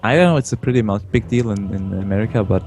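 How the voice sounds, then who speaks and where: A young man from Germany with a German accent, a guest in a casual interview, talking haltingly and laughing often. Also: lowish voice, darkish tone, faint music behind. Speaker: interview guest, esports caster.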